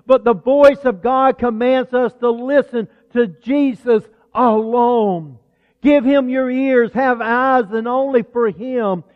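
A man preaching a sermon in a conversational way, slowing down to stress key words. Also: extremely high pitch. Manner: conversational preaching, slows for emphasis. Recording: tinny phone-like sound with long hall reverb.

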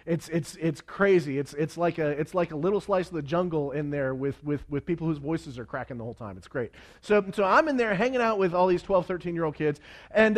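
A man preaching to a congregation, telling a story in an animated way with many stumbling restarts and acted-out quotes. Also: fairly high pitch.

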